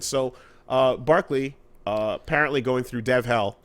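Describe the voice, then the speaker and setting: A man co-hosting a casual podcast, his voice sitting at an ordinary middle pitch. He rambles, restarting sentences and filling gaps with "uh" and "like". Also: brisk, a bit bright. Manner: rambling, lots of fillers and restarts. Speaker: podcast co-host.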